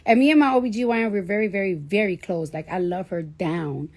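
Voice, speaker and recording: A woman's voice: mid-range voice, brisk. A woman, telling a story in casual, profane chat and acting out the voices of the people in it. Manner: profane, animated, acts out quoted voices. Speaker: rapper telling a story to listeners.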